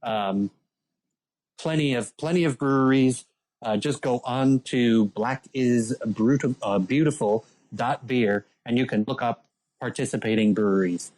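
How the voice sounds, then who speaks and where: A man's voice: mid-range voice, a little slow, a little mellow, poor audio. A man co-hosting a podcast in casual chat, easygoing and using fillers. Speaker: podcast co-host.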